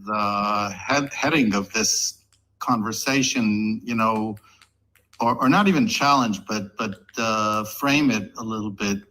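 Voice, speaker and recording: A man's voice: on the low side, slow, sharp tone, poor audio. A man from Israel calling into a livestream, speaking hesitantly with many restarts. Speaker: call-in guest.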